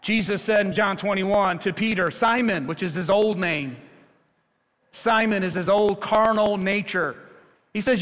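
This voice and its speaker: A man preaching a sermon as pastor of his church, speaking with passion and rising louder at the high points. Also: a little slow. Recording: long hall reverb.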